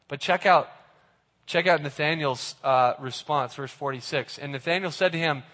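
A man giving a casual sermon, animated and acting out the dialogue of the people in his story. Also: a little high, normal speed. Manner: animated, acts out the characters' dialogue. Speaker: youth pastor. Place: church hall. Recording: reverberant hall.

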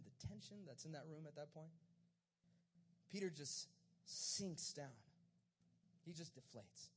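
High-voiced man preaching casually. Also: lively intonation, measured pace, long pauses. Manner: conversational, acts out disciples' lines in a casual voice. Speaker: pastor. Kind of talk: casual sermon retelling scripture.

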